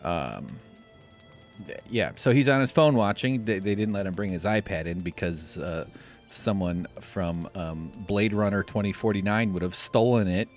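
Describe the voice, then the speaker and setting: A man from the United States rambles through a casual live stream in a low voice. His jokes are sarcastic and deadpan. Faint music plays behind him. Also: moderate pace. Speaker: livestream host.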